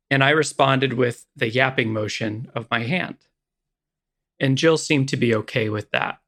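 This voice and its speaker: Gravelly-voiced man telling a story. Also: medium pitch, unhurried, fairly bright tone. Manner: rambling, self-deprecating, lots of restarts. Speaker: podcast co-host. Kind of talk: casual storytelling chat.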